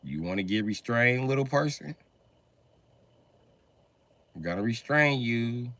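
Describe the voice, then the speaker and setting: A man's voice: mid-range voice, expressive, measured pace, fairly bright tone, no room sound. A man doing a profane, mocking comedy rant on a live stream, often laughing as he talks.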